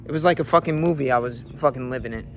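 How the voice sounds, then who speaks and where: A man's voice: medium pitch, fast, fairly bright tone, soft background music. A young man, a fitness coach, giving a brash, profane motivational rant from his car.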